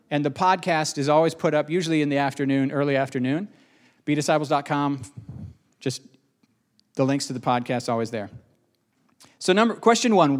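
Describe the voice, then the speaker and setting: Emphatic conversational male pastor preaching. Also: fairly high pitch. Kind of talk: sermon.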